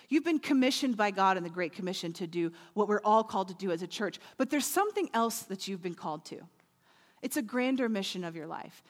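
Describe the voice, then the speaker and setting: Animated woman preaching in a reverberant hall. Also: medium pitch. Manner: animated, playful, quotes imagined voices. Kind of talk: sermon.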